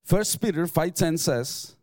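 A man's voice: a little high, expressive, a little slow, darkish tone, no echo. A middle-aged man, preaching a sermon in an emphatic way and mixing in personal stories with light chuckles. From Mexico. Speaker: pastor.

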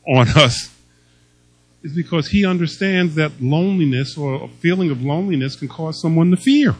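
A man's voice: on the high side, no echo, rough recording. An older man preaching a sermon as pastor, emphatic and humorous, telling stories and reading scripture.

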